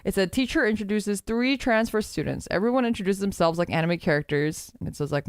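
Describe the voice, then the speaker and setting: Woman, streamer, casual chat, lively up-and-down pitch, dry close mic, laughs a lot. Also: brisk, hardly any pauses, smooth, no echo. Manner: animated, laughing, reads out old skit scripts.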